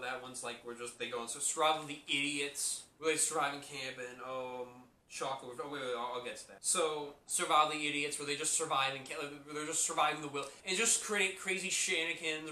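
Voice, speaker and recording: A man hosting a casual review, talking in an excitable, rambling way full of restarts and fillers. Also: medium pitch, reverberant, slight background noise. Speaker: host.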